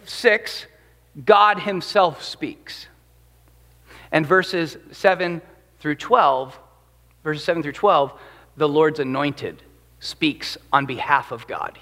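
A pastor preaches a sermon in an animated, conversational style, often putting questions to his audience. His voice is a little high and slow, and the sound carries like a big room.

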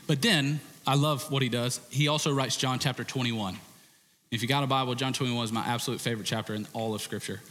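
A male preacher giving an animated, conversational sermon with frequent restarts. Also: medium pitch. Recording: reverberant hall.

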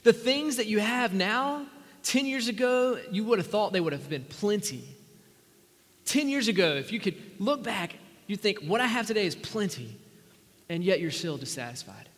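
A pastor preaching a sermon in an earnest, conversational way, sometimes dropping to a near whisper. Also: male voice, high-pitched, animated, moderate pace, fairly bright tone. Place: church sanctuary. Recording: long church-hall reverb.

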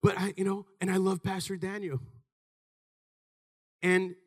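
Speaking a little slowly in a high voice, a man in his thirties preaches with lively, emphatic delivery. He calls out to his congregation and at times erupts into shouts.

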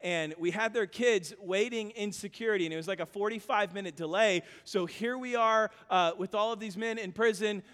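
A pastor with a high voice preaches a sermon, starting with stumbling storytelling full of stammered restarts and building into loud, urgent exhortation where each phrase is repeated. He speaks at normal speed with hardly any pauses, his tone clear and resonant, while the long reverb of a church hall rings around him.

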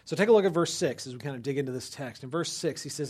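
A man preaching a conversational sermon, checking in with listeners and breaking into loud, animated bursts for emphasis. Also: mid-range voice, fast, hardly any pauses, breathy edge. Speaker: pastor.

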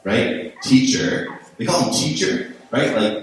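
A man's voice: fairly high pitch, big pitch swings, moderate pace, slight background noise. A man preaching a conversational sermon, chatty and storytelling, with frequent "right?" and "like". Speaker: pastor. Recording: echoey hall from far off.

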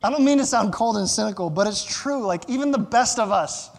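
A man's voice: sits high, lively intonation, fairly quick, creaky. A man preaching a sermon as pastor, emphatic, repeating phrases for stress and asking the congregation to fill in words. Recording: long hall reverb.

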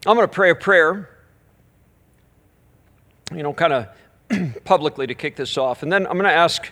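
A middle-aged male minister gives a storytelling sermon at a live church weekend. His voice sits somewhat high for a man. He tells the story with animated energy and softens into slow, hushed prayer.

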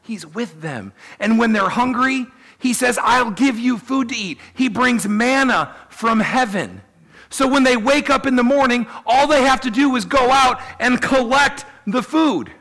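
Lively, bright-voiced male preacher. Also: extremely high pitch, measured pace. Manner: animated storytelling, voicing quoted people. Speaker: pastor. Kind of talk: sermon.

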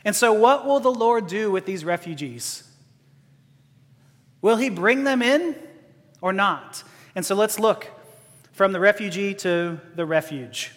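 Man, sermon, very high voice, earnest and impassioned, long hall reverb. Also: expressive, a little slow, pauses often, a bit bright. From Texas. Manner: earnest and impassioned, rising to emphatic declarations. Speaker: preacher.

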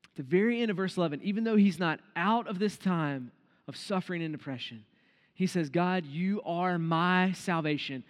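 A man with a high voice preaches an earnest devotional sermon. He slows right down to lean on key phrases. His voice trails off in a long reverb tail. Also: lively intonation.

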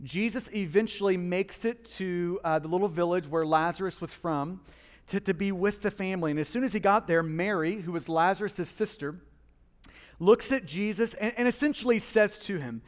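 A man's voice: sits high, normal speed. A male pastor preaching a sermon, impassioned, often repeating the first word of a phrase and voicing God and listeners in quoted lines. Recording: long reverb of a hall.

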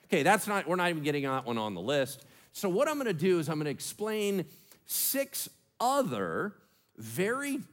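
A man preaching a sermon as pastor, joking and acting out little voices as he teaches. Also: a little high. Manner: animated, joking, acts out voices.

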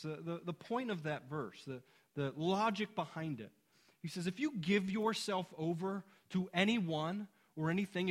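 A man delivers a verse-by-verse sermon in a high, bright voice. He reads passages aloud and leans hard into emphatic points. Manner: emphatic preaching, rising on key verses. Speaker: pastor. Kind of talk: expository sermon.

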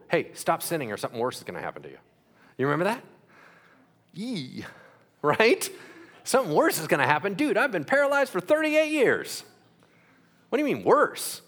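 A man preaching a sermon as pastor, asking the crowd questions and acting out quick voices. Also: medium pitch, a bit bright.

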